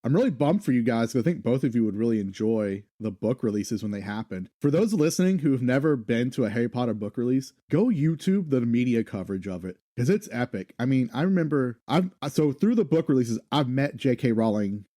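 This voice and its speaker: A man's voice: medium pitch, animated, brisk, few pauses, mellow, no room sound, clean studio sound. A man who is a guest on a podcast, telling stories with eagerness in casual chat. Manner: enthusiastic storyteller.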